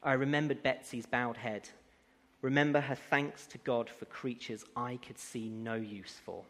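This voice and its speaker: A man's voice: medium pitch, a little slow, a bit bright. A man preaching a sermon who builds to emphatic, rising declarations. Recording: long hall reverb.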